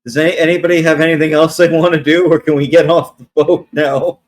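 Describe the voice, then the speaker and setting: A man narrating a tabletop game as game master, often pausing on fillers. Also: a little high, level tone. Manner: hesitant, full of fillers.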